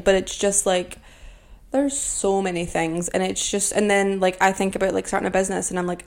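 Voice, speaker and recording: A woman's voice: mid-range voice, brisk, gravelly. A woman in her twenties hosting a casual solo podcast, rambling and joking at herself, with constant "like" fillers. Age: 20s. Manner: rambling, filler-heavy with frequent "like"; self-deprecating, joking. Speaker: podcast host.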